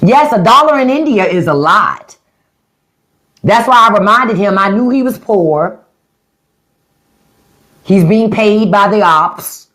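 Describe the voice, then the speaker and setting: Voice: mid-range voice, animated, takes it slowly, pauses often, a bit bright. A livestream host giving a blunt, profane, mocking rant to viewers. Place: livestream at home.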